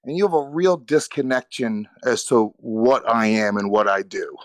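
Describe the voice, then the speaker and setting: A man's voice: medium pitch, moderate pace, no echo. A man guest on a podcast, arguing insistently and profanely, cutting in and restarting his sentences. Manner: insistent, talks over others, many restarts, profane. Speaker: guest comedian. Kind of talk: heated podcast argument.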